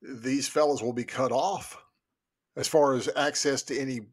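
A man with a husky, slightly breathy voice co-hosts a book podcast, thinking aloud in a hesitant, musing way. His pitch sits in the middle. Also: steady tone, moderate pace. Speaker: podcast co-host. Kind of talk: casual book discussion.

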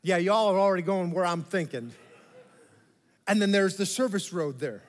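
A man preaching a sermon to his congregation, telling an animated story with mock voices and asides to the listeners. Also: high voice, moderate pace. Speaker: pastor. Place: large church hall. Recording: long reverb of a church hall.

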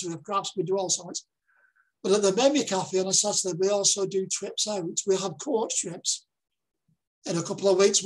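Older Lancashire man, husky and a little breathy, earnest public speaker who repeats key lines for emphasis. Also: sits high, poor audio. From Lancashire, England. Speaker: dementia campaigner giving a talk. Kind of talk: public presentation.

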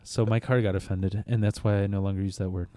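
A man's voice: fairly low pitch, flat delivery, fast, warm tone, no room sound. A man from the area, rambling through a joke in casual podcast chat and swearing often. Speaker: podcast co-host.

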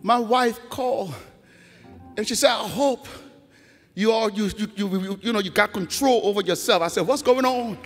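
A middle-aged man giving a church testimony in a preaching cadence that swells into shouted, half-sung praise. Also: sits high, normal speed. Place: large church sanctuary. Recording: long church reverb, faint organ music.

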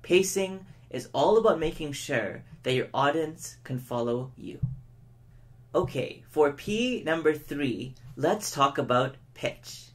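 A man giving a public speaking lesson, who shows each point by speeding up, slowing down and shifting his tone of voice. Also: fairly high pitch, lively intonation. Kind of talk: educational lesson to camera.

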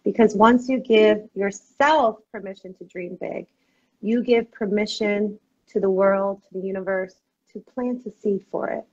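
Husky-voiced woman coach, upbeat and passionate, casual guest chat, muffled lo-fi audio. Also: medium pitch, fairly even intonation, a little slow. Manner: passionate, upbeat, uses "like" often.

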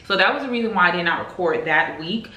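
A woman's voice: fairly low pitch, animated, fast talker, pushed and bright. Chatty young woman vlogging at home. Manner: chatty, lots of "like" and "girl". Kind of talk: casual chat to camera. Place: at home in her apartment. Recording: echoey room.

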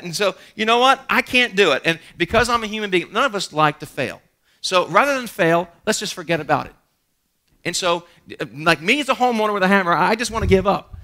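A man preaching a sermon in a church, animated and joking at his own expense, often restarting his sentences. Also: sits high, fairly quick. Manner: animated preaching with humorous asides and self-deprecating stories; frequent stammered restarts. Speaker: pastor. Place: church sanctuary.

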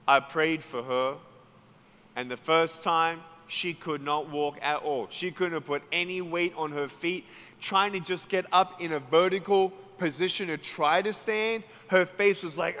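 A man with an Australian accent, preaching a sermon as an evangelist and telling a story, acting out each person's words and building to loud climaxes. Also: on the high side, unhurried, clear, resonant tone. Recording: long hall reverb.

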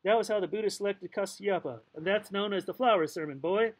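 A man's voice: high voice, brisk, low-quality recording. A man reading a novel aloud in a loose, playful way, stumbling now and then and making asides. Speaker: audiobook reader. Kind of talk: casual read-aloud narration.

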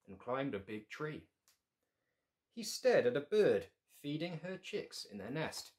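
A man's voice: fairly high pitch, very animated, measured pace. A man reading his picture book aloud to children, with playful asides to young listeners.

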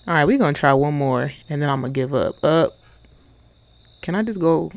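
A gaming channel host gives playful, casual commentary while playing a video game, joking and talking back to the characters in slang. The voice is mid-range and creaky with lively intonation, at normal speed and with no echo.

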